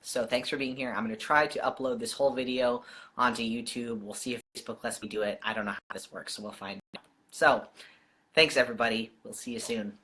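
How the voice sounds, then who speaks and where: Bright-voiced man, casual stream chat. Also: medium pitch, fairly even intonation, brisk. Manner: chatty, answering viewer comments directly. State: voice wearing out. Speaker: live stream host. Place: home.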